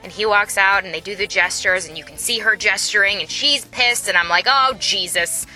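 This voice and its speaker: A woman casually telling a long story, acting out the people in it with lively voices. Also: medium pitch, brisk, faint music behind. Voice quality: animated, acts out the people in her story.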